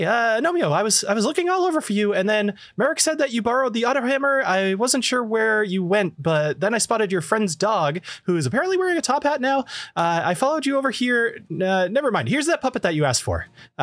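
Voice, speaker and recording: A man voicing a chatty, excitable female gnome tinkerer who rambles and trips over her words. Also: on the high side, a little fast, dry recording, voice pushed up. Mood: excited. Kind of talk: tabletop role-play voice.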